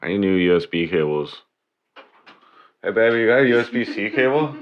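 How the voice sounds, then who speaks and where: A man's voice: lowish voice, expressive, fairly quick, muffled recording. A man hosting a casual livestream, swearing and grumbling as he fixes his setup. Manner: swearing, grumbling over tech trouble. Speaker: livestream host.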